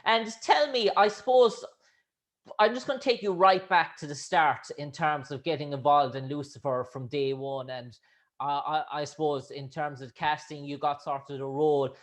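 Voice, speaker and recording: A man's voice: on the high side, moderate pace. An Irish man hosting an interview. He asks long, winding questions, hedging again and again with "sort of", "I suppose" and "as such". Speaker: interviewer, host.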